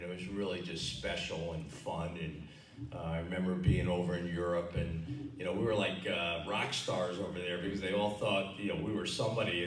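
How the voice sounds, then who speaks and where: A man's voice: low-pitched, background noise. A man in his sixties with a Connecticut accent, giving a casual, rambling acceptance speech at a dinner, full of fillers. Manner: conversational, rambling with many fillers. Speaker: hall of fame inductee giving acceptance speech. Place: banquet hall. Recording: echoey hall, recorded from far off.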